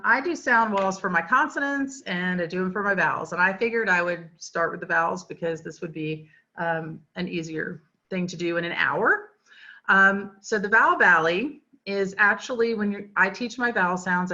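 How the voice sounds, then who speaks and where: Woman presenting a teacher webinar, bright crisp voice, chatty w lots of fillers, dull lo-fi audio. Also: mid-range voice. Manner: chatty, explanatory, frequent fillers. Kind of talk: webinar lecture.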